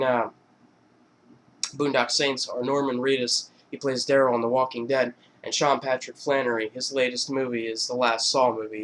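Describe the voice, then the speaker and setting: A man's voice: medium pitch, slight background noise. Man in mid range, loose and rambling, lots of "uh" and laughs. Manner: rambling, full of fillers, laughs between lines. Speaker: YouTube vlogger. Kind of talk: casual retelling of film scenes.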